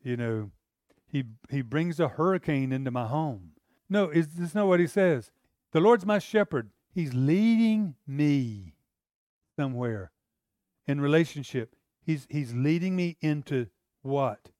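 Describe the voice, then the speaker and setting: A man's voice: fairly high pitch, expressive, unhurried, darkish tone, no room sound, clean studio sound. A middle-aged man preaching a sermon in an earnest, conversational way, often repeating words as he goes.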